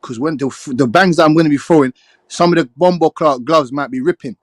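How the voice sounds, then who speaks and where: A man from South rants and banters in a casual group chat, slangy and swearing freely. His voice sits a little high. The sound is dry, with no room echo. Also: a little fast. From South London.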